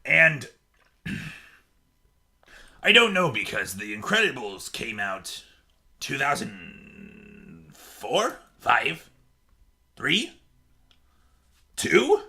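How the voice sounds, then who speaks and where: Man playing a pirate captain, gravelly bright voice, lively pitch, keeps saying aye. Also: very slow, pauses often, exaggerated voice. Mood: chatty. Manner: peppers talk with pirate "aye" and "yar". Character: male pirate captain, jovial and bloodthirsty. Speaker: podcast co-host. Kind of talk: costumed casual chat.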